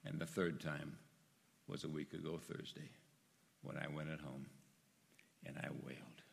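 Older man, very low voice, earnest church testimony; goes quiet, then loud and emphatic; long hall echo. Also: fairly even intonation, unhurried, gravelly. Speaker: church member speaking to his congregation. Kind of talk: personal testimony. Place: church sanctuary.

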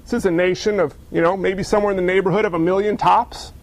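High-voiced preacher telling a story. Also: male voice, fairly even intonation, fast. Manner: storytelling, acts out characters with mocking voices. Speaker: pastor. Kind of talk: sermon.

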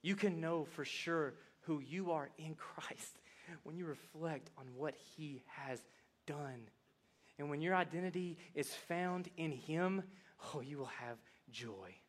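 A man preaching a sermon to a congregation, with a folksy, animated delivery that moves from soft reflection to excited emphasis. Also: slow. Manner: animated, swings from soft reflective lows to loud excited highs; folksy, addresses congregation as y'all. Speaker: pastor. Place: church sanctuary.

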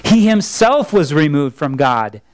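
A man's voice: a little high, sing-song, unhurried, low-quality recording. A male pastor preaching a sermon, earnest and pleading, with repeated appeals.

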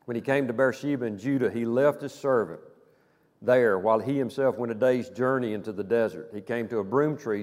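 A man preaching to his congregation in a relaxed, conversational way, often asking the room questions and checking in with "okay?". His mid-range voice carries a long reverb tail from the hall around him. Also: mid-range voice. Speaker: pastor. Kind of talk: sermon.

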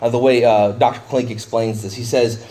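A man preaching a verse-by-verse sermon in a conversational way, getting animated when he paraphrases. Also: mid-range voice, normal speed, slight background noise. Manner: conversational, rising excitedly when paraphrasing Jesus. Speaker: pastor. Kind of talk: expository sermon.

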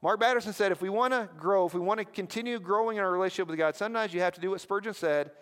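A man preaching a sermon as pastor, lively and conversational, often prompting the listeners with questions. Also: high-pitched, very fast, clean tone. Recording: long hall reverb.

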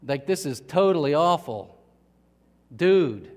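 A man's voice: on the high side, animated, slow. A man voicing a laid-back male California surfer-dude scientist who panics, with a slangy surfer drawl, in a long church reverb. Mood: panicky.

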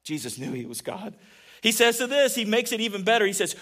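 A man preaching a conversational sermon, asking his listeners questions and moving between quiet asides and emphatic peaks. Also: high-pitched, fast talker. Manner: animated, asks the audience questions, swings between soft asides and emphatic peaks. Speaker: pastor.

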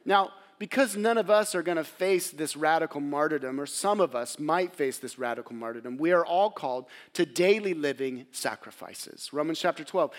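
A man preaching a sermon in a church, passionate and earnest, swinging between loud exhortation and hushed, quiet passages. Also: high-pitched, moderate pace, hardly any pauses. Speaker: pastor. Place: church sanctuary.

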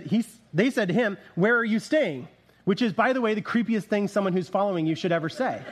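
A man delivers a conversational sermon in a fairly high voice. He jokes, wanders off into asides and restarts his sentences often, keeping the tone loose rather than formal. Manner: casual, joking, rambling with restarts. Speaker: pastor.

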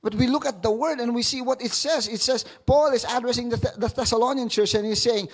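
A man's voice: very high-pitched, normal speed. A man pastor preaching a sermon, often stopping to repeat words as he searches for the next thought.

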